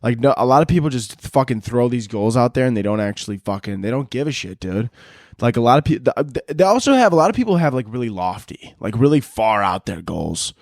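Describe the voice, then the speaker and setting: A man's voice: mid-range voice, no echo. Profane ranting man, dry close sound. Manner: animated, mocking, quick asides. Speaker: podcast host. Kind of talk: casual solo podcast rant.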